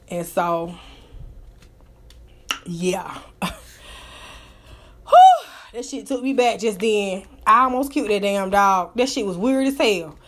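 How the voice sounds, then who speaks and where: A woman telling a story casually, animated and full of profanity. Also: mid-range voice, a little slow, pauses often, slight background noise. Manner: profane, animated, breaks into laughter.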